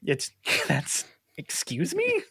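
A man's voice: fairly high pitch, wildly swooping pitch, slow, sharp tone, breathy edge, dry recording, clean studio sound. Playful laughing man hosting a podcast. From Canada. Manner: playful, self-deprecating, laughs often. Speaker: podcast host. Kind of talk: casual podcast chat.

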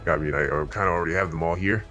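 A man's voice: sits low, racing, bright, forceful tone, faint music behind. A man co-hosting an improv comedy show, laughing through his lines and blustering as a goofy villain. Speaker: co-host.

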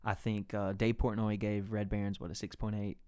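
A man's voice: lowish voice, flat delivery, brisk, dark tone, clear, resonant tone, no room sound, clean studio sound. A young man hosting a podcast, telling a rambling, profane story in casual chat. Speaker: podcast host.

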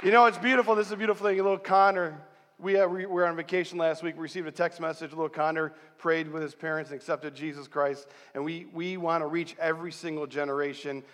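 Middle-aged male pastor, high voice, lively storyteller, preaching in a big echoing church hall. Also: quick pace, some chatter behind. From central New York, USA. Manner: animated storytelling, rallying the congregation. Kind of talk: sermon. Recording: long hall reverb.

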